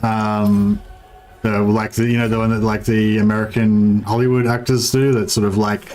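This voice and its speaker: A man's voice: on the low side, level tone, normal speed, darkish tone. Man, Australian accent, casual game livestream chat, rambling, swears freely, faint music in the background. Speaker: game streamer.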